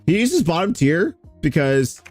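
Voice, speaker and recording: A man's voice: fairly high pitch, a little slow, faint music behind. A man hosting a stream, chatting casually and sardonically while reacting to clips. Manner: relaxed, rambling, sardonic with fillers. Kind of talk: casual commentary over clips.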